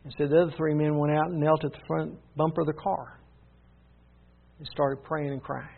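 A man's voice: on the high side, level tone, normal speed, vocal fry, husky. A man preaching, earnestly retelling a story and repeating "he said" as he goes. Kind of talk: sermon storytelling. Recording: tinny phone-like sound.

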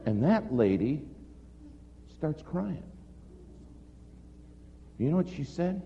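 Dramatic preacher telling a story in a hall. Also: male voice, a little high, very animated, takes it slowly, vocal fry, dark tone. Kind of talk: storytelling sermon. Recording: echoey hall, dull lo-fi sound with faint noise.

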